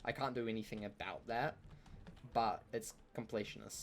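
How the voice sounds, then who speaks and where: A man's voice: lowish voice, normal speed. A man giving chatty, playful live commentary on a game he streams, with joking trash talk aimed at the enemies.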